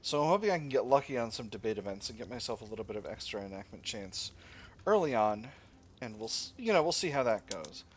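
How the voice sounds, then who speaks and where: A man's voice: lowish voice, big pitch swings, quick pace, a little hiss or hum. A man casually commenting on his strategy game as he plays, thinking aloud and often correcting himself. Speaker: let's play gamer. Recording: game music playing underneath.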